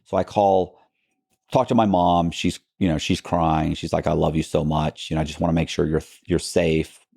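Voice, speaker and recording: Interview guest, male, low gravelly voice, rambling storyteller who keeps restarting sentences. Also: steady tone, moderate pace, a little mellow, dry recording, studio quality. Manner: rambling, many restarts and asides, acts out quoted people. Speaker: podcast guest. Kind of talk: casual storytelling in a long-form interview.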